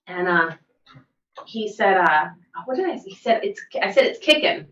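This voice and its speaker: A middle-aged woman co-hosts a podcast in easy, animated chat, spinning family stories. She sounds set back from the mic in a roomy space. The sound is a little dull. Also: lowish voice, moderate pace, distant mic. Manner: animated storyteller, laughs easily. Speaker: podcast co-host, massage therapist and physical therapy assistant.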